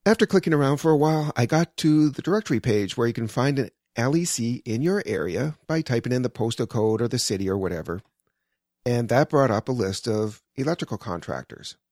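A man's voice: mid-range voice, animated, brisk, a little mellow, no echo. Brief: male storyteller, wry and conversational, mid-range voice, dry close sound. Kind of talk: personal anecdote storytelling.

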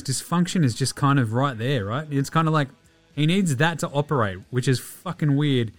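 A man with an Australian accent hosts a basketball podcast, keeping the sports talk casual while launching into blunt, profane rants. His voice is on the high side with a fairly bright tone.

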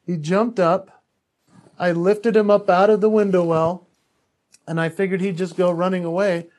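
A man's voice: sits high, flat delivery, normal speed, a little mellow. A man who is an author and speaker, a podcast guest telling a personal story in an earnest, candid way, often restarting his sentences.

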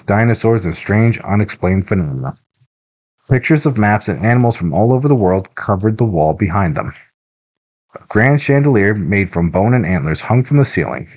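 Deep-voiced man narrating a storybook. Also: dull audio. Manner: even, steady storybook reading. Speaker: audiobook narrator. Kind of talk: scripted narration.

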